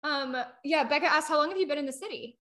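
A woman's voice: high voice, fast talker, sharp tone. A young woman co-hosting a podcast, chatting loosely with rambling, trailing thoughts. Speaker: podcast co-host. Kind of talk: casual podcast chat.

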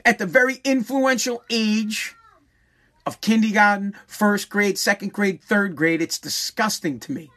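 A man's voice: high voice, a bit bright. A man hosting a show, delivering a heated, profane opinion rant and repeating phrases for emphasis.

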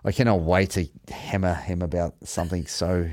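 A man's voice: low-pitched, little pitch movement, normal speed, a little mellow, no echo, studio quality. A man talking rugby in a casual chat, giving blunt, emphatic opinions. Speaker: rugby pundit.

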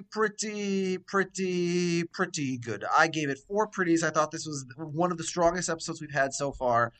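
A man's voice: a little high, bright, forceful tone. A man co-hosting a podcast, giving wry, opinionated takes on an episode. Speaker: podcast co-host. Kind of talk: casual chat, reviewing an episode.

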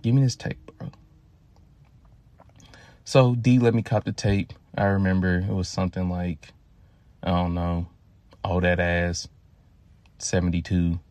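A man in his thirties from Louisiana, hosting a podcast and telling profane, animated stories straight to his listeners. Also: sits low, a little slow, dry recording. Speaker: podcast host. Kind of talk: casual storytelling monologue.

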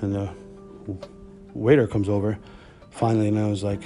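A man's voice: on the low side, flat delivery, normal speed, pauses often, warm tone, faint music behind. A man hosting a podcast, telling stories in a casual, blunt and profane monologue. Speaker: podcast host.

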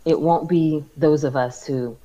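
A woman speaking as a guest on a casual talk show, measured and careful to be tactful. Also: low-pitched, fairly even intonation, warm tone, highs cut off. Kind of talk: casual call-in chat.

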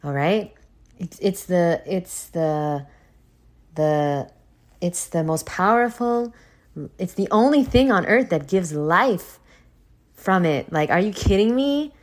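A woman's voice: on the low side, slow, long pauses. A young woman hosting a podcast, chatting in a confiding way, swearing freely and filling her talk with "like". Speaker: podcast host. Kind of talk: casual confessional chat.

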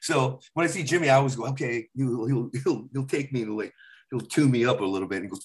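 Man guest, animated storyteller, swoops in pitch, loose rambling delivery with restarts. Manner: animated, slips into quick celebrity impressions and quoted voices. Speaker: podcast guest, impressionist. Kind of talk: casual storytelling chat.

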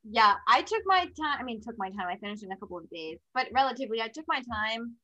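A woman's voice: a little high, lively intonation, fast, bright, forceful tone, lo-fi sound. A woman co-hosting a podcast, chatting enthusiastically about books and reading passages aloud. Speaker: podcast co-host. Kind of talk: casual chat about books.

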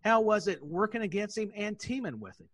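A man's voice: sits high, animated, brisk, fairly bright tone, dry recording. A man co-hosting a podcast, politely and eagerly asking a guest a question. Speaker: podcast co-host.

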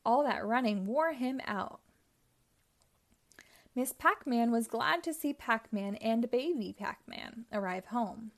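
A woman reading a children's storybook aloud in a slow, expressive way, lightly voicing the characters. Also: a little high. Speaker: storybook reader.

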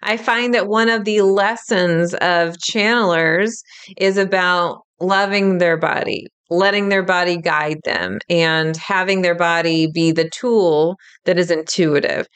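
Chatty woman with a smooth voice. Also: fairly low pitch, a little slow. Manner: animated and chatty, laughs easily, acts out quoted thoughts. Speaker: intuitive development teacher. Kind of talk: casual teaching monologue.

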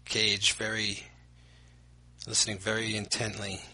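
A man's voice: on the low side, monotone, a little slow, pushed and bright, husky, no room sound, low-quality recording. A man co-hosting a podcast, chatting about a movie with easy laughs and wry quips. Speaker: podcast co-host. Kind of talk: casual movie commentary chat.

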